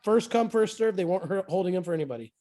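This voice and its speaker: A man sharing a success story with his team in a casual motivational talk, excitable and repeating phrases for emphasis. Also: sits high, rapid-fire.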